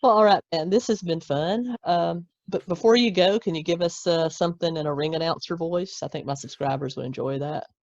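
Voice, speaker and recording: A woman's voice: fairly low pitch, a little fast, hardly any pauses, a little mellow, dry recording. A woman hosting a podcast interview, chatty and upbeat, laughing easily. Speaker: podcast host. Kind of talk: casual interview chat. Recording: dry, dull lo-fi audio.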